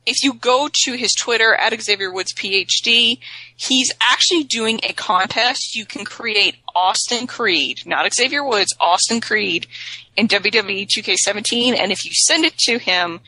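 A woman's voice: a little high, normal speed, sharp tone, low-quality recording. A woman co-hosting a casual chat show, playfully reading social media posts aloud and teasing her co-host. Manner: playful, reads quotes aloud with voices.

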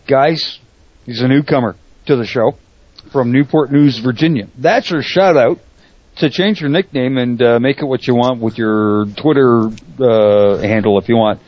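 A man's voice: mid-range voice, a little slow, dry recording, dull audio. A man hosting an online talk show, bantering bluntly and swearing freely. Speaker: show host. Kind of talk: casual profane banter.

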